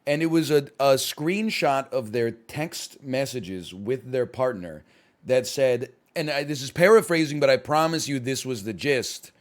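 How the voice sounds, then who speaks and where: A man streaming live, chatting casually while he plays a game, rambling and often rising to loud outbursts. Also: medium pitch, lively intonation, measured pace.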